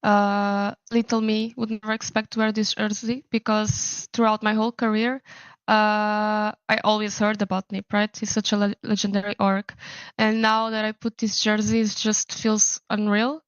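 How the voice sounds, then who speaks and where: A woman's voice: mid-range voice, completely flat delivery, moderate pace, smooth, dry recording, muffled recording. A young woman esports player giving an interview, humble and grateful, with hesitant fillers. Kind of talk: post-match interview.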